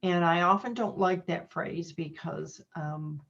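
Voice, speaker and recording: A woman's voice: fairly low pitch, fairly even intonation, measured pace, gravelly, a bit bright, highs cut off. A woman hosting an online interview, encouraging her guest with frequent affirmations and reflective remarks. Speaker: interview host. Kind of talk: casual interview chat. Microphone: video call.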